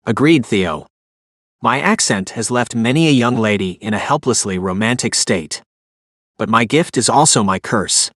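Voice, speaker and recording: A man voicing a charming, talkative gentleman from London, with a British accent, in an audiobook. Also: fairly low pitch, expressive, normal speed, no echo, clean studio sound. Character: chatty charming London gentleman, talks too much.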